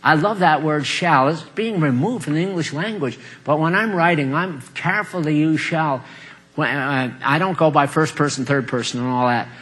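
An older man preaching a folksy sermon, chuckling often and swinging between loud emphatic lines and quiet asides. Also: a little high, moderate pace.

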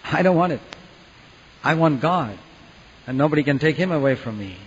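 A man preaches earnestly, dropping to a hush and then rising to loud, dramatic peaks. His fairly high voice rings through a long hall reverb, and the recording sounds dull and muffled. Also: animated, normal speed, husky. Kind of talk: sermon.

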